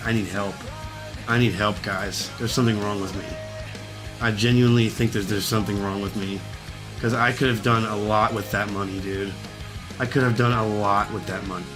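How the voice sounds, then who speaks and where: A young man on a gambling livestream, swearing and distraught, close to tears, with music playing behind him. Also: lowish voice. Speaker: gambling streamer. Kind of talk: livestream rant.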